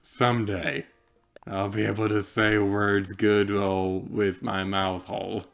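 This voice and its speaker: A man's voice: on the low side, little pitch movement, slow, gravelly, fairly bright tone. A young man with a slight lisp, chatting casually while commentating a game he plays. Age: young adult. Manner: chatty and rambling, heavy use of "like". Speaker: let's player.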